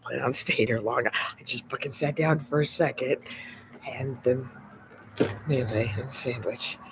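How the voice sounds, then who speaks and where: A man's voice: mid-range voice, fairly even intonation, unhurried, noisy background. A man live-streaming from a phone outdoors, rambling and swearing, often dropping into a mumbled whisper. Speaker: livestreamer. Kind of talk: casual live stream monologue. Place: outdoors on a street at sunset. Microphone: phone camera.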